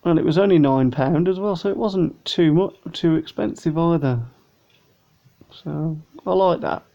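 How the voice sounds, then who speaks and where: A man's voice: on the high side, a little slow, vocal fry, warm tone. A man chatting casually through a model plane unboxing review, rambling and a little tired. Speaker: vlogger. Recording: dull lo-fi home recording.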